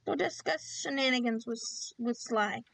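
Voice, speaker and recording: A woman streaming video games in casual commentary, playfully cooing at in-game animals in a high baby voice. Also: normal speed, vocal fry, fairly bright tone, dry recording.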